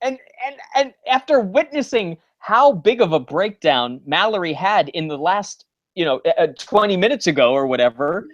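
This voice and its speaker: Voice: medium pitch, very animated, normal speed, dull audio. A podcast co-host in casual chat, acting out the characters' lines with mocking quotes and tripping over frequent restarts. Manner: frequent restarts and filler words.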